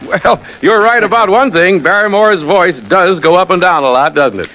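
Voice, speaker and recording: A man's voice: high voice, animated, normal speed, sharp tone, low-quality recording. A man hosting a 1940s radio interview, reading scripted lines and trading wisecracks with his guest. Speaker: radio host.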